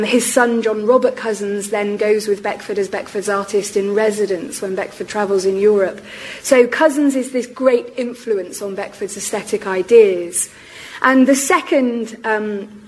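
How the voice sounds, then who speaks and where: A woman giving a public lecture on history. Her voice is going hoarse, and she explains things in a measured way with frequent ums. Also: mid-range voice, low-quality recording. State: losing her voice.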